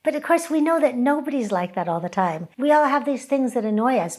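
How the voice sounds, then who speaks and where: A woman who teaches chanting, talking reflectively and softly, now and then breaking into chant. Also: high voice, expressive, fairly quick. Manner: soft-spoken, breaks into sung chant.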